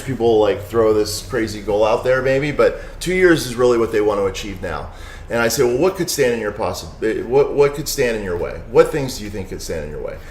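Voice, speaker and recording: A middle-aged man being interviewed as a guest, chatting casually and telling anecdotes with frequent asides to his listener. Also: on the low side. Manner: storytelling with many "you know" and "right?" asides. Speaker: podcast guest, author and lawyer. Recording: roomy echo.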